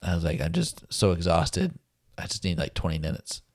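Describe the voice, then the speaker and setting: A man with a very low voice tells a story in a relaxed, easygoing way. He laughs often and acts out what people said to him. The sound is close and dry. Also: moderate pace, dry recording. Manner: laid-back, laughs often, acts out quotes. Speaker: guest telling a survival story. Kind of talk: casual storytelling.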